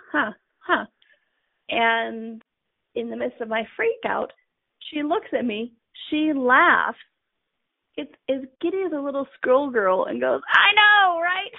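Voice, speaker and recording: A middle-aged woman hosting a show, telling a casual story in a chatty, animated way and laughing often. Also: high-pitched, unhurried, creaky, dry recording. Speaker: host. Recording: tinny phone-line sound.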